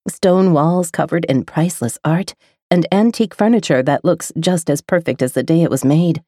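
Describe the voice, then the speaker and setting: Low-voiced woman narrating a romance. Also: normal speed, mellow, no room sound, studio quality. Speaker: audiobook narrator. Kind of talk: first-person romance narration.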